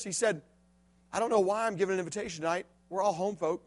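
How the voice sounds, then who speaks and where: A middle-aged man from Illinois giving a sermon testimony, dropping to a hush and then rising to a shout. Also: sits high, fast. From Illinois, USA. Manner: swings from hushed to shouting. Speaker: preacher.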